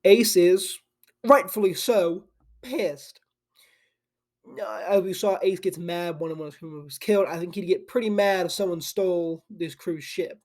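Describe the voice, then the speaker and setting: A young man recorded at his desk, in a slightly high voice. He talks in a loose, sleepy ramble, and his thoughts keep looping back on themselves. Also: normal speed. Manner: loose and chatty, full of "like" and restarts. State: sleepy and yawning. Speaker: anime channel host. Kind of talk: casual rambling retelling. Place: home desk with a camera.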